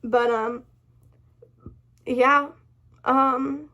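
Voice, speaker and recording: A woman's voice: high voice, steady tone, extremely slow, sharp tone, dull audio. A young woman telling a story to her camera, rambling, swearing a lot and apologizing often, upset and close to tears. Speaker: vlogger. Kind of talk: emotional storytime rant.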